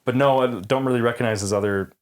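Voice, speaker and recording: A man's voice: medium pitch, fast talker. A man co-hosting a casual film podcast, talking in a loose, wry way with lots of "like.". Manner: filler-heavy, says "like" often, wry. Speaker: podcast co-host.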